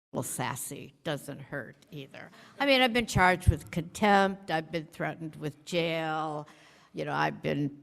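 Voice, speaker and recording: A woman giving a chatty, self-deprecating storytelling sermon to a congregation, acting out the quotes she tells. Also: lowish voice. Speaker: speaker at a congregation. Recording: long hall reverb.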